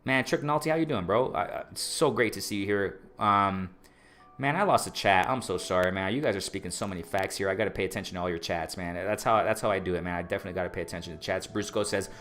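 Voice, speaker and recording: A man hosting a casual boxing livestream, reading chat aloud and repeating himself with excitement. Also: low-pitched, quick pace, faint music behind. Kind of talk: casual live-stream commentary.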